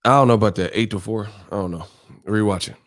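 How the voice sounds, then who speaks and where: A man's voice: on the low side, fast talker. Blunt, foul-mouthed male streamer. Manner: blunt, combative, heavy cursing. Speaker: boxing streamer host. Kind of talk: casual live-stream rant.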